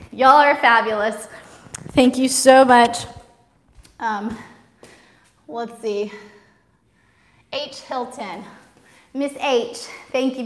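A woman's voice: fairly high pitch, fairly bright tone. A woman teaching a live-streamed belly dance class, counting steps and calling out cues in a bubbly way. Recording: roomy studio with music behind.

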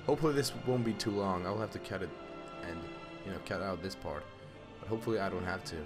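A young man giving live gameplay commentary, swearing constantly and jumping from low muttering to loud outbursts at enemies. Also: fast. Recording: loud game music behind the voice. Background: loud game music.

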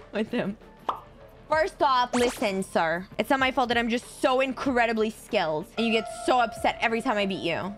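A woman streaming a game, chatting excitably with teammates and viewers, swearing often and breaking into sudden shrieks. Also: fairly high pitch. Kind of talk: live game stream commentary. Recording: game music behind the voice. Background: game music and sound effects.

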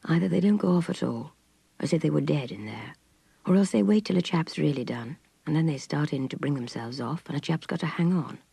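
A man's voice: on the high side, lively intonation, fairly quick, creaky, warm tone, husky, no echo, exaggerated voice. A woman voicing a restless, self-absorbed man speaking bluntly and sulkily to his lover. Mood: resentful. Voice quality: blunt, sulky.

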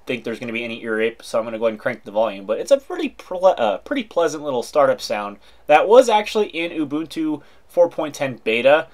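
A man narrating a screen-recorded software walkthrough in a chatty, informal way with wry asides. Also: mid-range voice, sing-song, quick pace, hardly any pauses. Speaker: tech video host.

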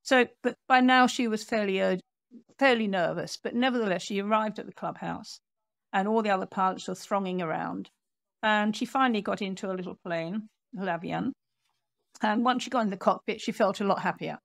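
A woman author, a guest on an interview podcast, telling a history story in a lively storyteller's way and acting out what people said. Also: medium pitch, fairly quick, vocal fry, no echo. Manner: animated storyteller, acts out quotes.

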